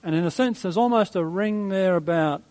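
Man, pastor, sermon, fairly high voice, relaxed and reflective. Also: moderate pace, rough recording. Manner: conversational, reflective, with soft chuckles and fillers.

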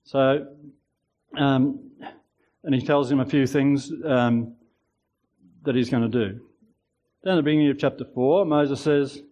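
A man in his sixties preaching a sermon in a relaxed, conversational way, chuckling at his own asides. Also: mid-range voice, measured pace, pauses often, highs cut off.

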